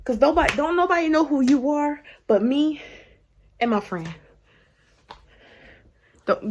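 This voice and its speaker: A woman in her twenties telling a story to camera in a sassy, animated way, often sighing and laughing and sometimes dropping into a hushed aside. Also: high-pitched, measured pace, long pauses, slight background noise. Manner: drops to a hushed aside at times.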